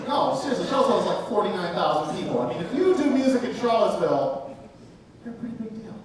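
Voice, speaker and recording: Talking fast with a high-pitched voice and big swings in pitch, a male comic teases the crowd during a brash, profane set at a live club. The audience laughs throughout, and the recording is noisy, echoey and far from the mic.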